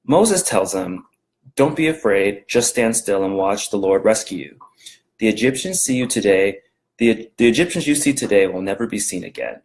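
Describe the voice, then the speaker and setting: Man, lowish voice, chatty home devotional talk, loose and rambling, many ums and restarts. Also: animated, moderate pace, poor audio. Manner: rambling, conversational, frequent fillers and restarts. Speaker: devotional video host.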